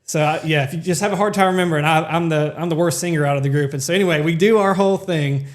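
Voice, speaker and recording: Man, slightly higher voice, rambling podcast co-host, self-deprecating and full of fillers. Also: racing. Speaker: podcast co-host, worship ministry member. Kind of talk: casual storytelling chat.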